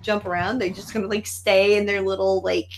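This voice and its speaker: A woman hosting a casual live stream chat over a video call, excitable and profane, with loud bursts. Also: medium pitch, fairly quick, a little hiss or hum.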